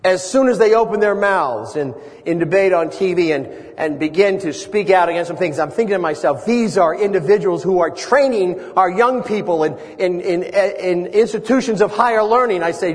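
A man delivers an earnest sermon, his voice sitting fairly high. His phrases build into emphatic repetitions. The sound rings with a long reverb, as in a large church sanctuary. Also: moderate pace, hardly any pauses. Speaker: preacher.

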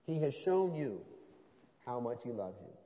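Male pastor, mid-pitched and mellow, moving from quiet intimacy to loud drawn-out emphasis; church-hall reverb. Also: big pitch swings. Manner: swings from soft and low to loud, drawn-out emphasis. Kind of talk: sermon. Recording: long reverb of a large hall.

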